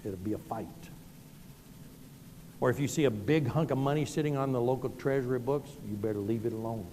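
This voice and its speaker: A man's voice: mid-range voice, brisk, warm tone, big-room sound, a little hiss or hum. A middle-aged man with a Southern US accent, preaching a sermon as a pastor, telling folksy, self-deprecating stories.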